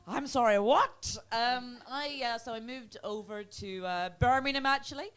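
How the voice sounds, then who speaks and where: A young woman from Northern Ireland with a Belfast accent performs a stand-up set in a club, chatty, teasing and self-mocking, with bursts of high put-on voices. She speaks at normal speed in a slightly bright, clean tone.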